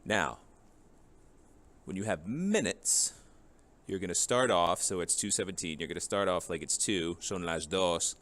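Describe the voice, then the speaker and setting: A man's voice: low voice, animated, normal speed, pauses often, a bit bright. A man teaching a beginner Spanish lesson, patiently explaining and drilling words one at a time. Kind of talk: classroom video lesson.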